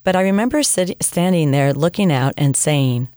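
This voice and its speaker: Low-voiced woman telling her story. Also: normal speed, dry recording, studio quality. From United States. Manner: animated storyteller, acts out quoted dialogue. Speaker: interview guest. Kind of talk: personal testimony in conversation.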